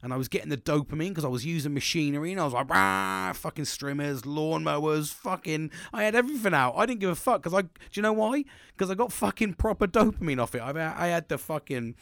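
A young man telling a work story in a casual, animated way, swearing constantly and laughing as he goes. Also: fairly high pitch, no room sound, clean studio sound.

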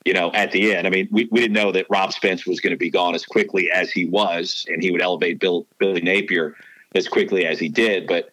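Low-voiced guy rambling through old reporting stories, lots of restarts, dry close radio sound. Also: fairly even intonation, brisk, a bit bright, no room sound, rough recording. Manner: rambling, full of restarts and fillers. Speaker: sports announcer and former beat reporter. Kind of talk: storytelling podcast chat.

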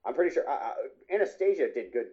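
A man's voice: mid-range voice, sing-song, fast, mellow. Enthusiastic man on a dull mic. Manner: enthusiastic, rambling, restarts sentences. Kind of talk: casual chat about animated films. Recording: muffled lo-fi mic.

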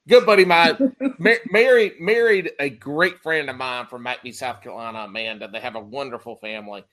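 A man hosting a casual talk show, spinning stories with a jokey, profane edge. His voice sits slightly high and moves around a lot as he talks. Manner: animated storyteller, swears freely, jokey. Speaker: podcast host. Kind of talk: casual chat.

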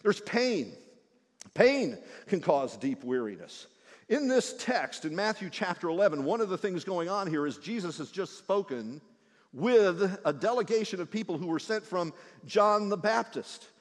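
Animated high-voiced male preacher. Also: unhurried. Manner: animated preaching, swinging between loud emphasis and hushed lines. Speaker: pastor. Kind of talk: sermon. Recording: long hall reverb.

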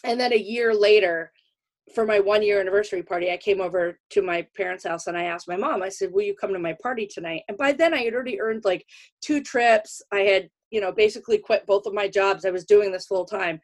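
A woman's voice: medium pitch, a little fast. Laughing woman host telling stories. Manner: lively storyteller, laughs often. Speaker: podcast host and comedian. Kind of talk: casual chat.

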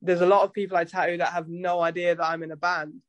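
Dude, high voice, rambling chatty storyteller, swears a lot, dry close sound. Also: male voice, level tone, quick pace, a bit bright, no room sound, muffled recording. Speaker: guest musician and tattoo artist. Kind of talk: casual podcast chat.

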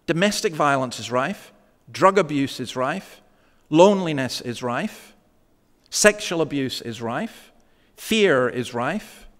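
A man preaching a sermon in a church, talking conversationally and slowing down to stress key words. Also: on the high side, expressive, a bit bright, in a large hall. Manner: conversational preaching, slows for emphasis.

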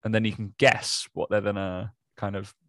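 A man's voice: lowish voice, flat delivery, normal speed, fairly bright tone, dry recording, clean studio sound. A man co-hosting a podcast in casual, teasing chat that rambles between jokes. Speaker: podcast co-host.

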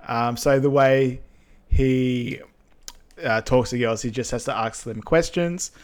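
A man's voice: medium pitch, fairly even intonation, takes it slowly. Man, podcast co-host; laid-back, filler-heavy retelling of movie scenes. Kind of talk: casual film recap chat.

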